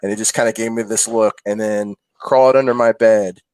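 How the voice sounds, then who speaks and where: Man, low pitch, co-host, casual chat, earnest and hesitant, dry close audio. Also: steady tone, brisk, darkish tone, no room sound. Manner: earnest, hesitant personal storytelling. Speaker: podcast co-host.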